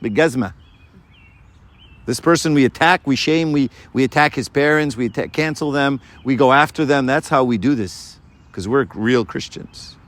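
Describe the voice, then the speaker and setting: Guy preaching to a crowd, keeps firing questions, mid pitch. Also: normal speed, no echo. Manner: lively, full of rhetorical questions. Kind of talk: sermon to a live audience.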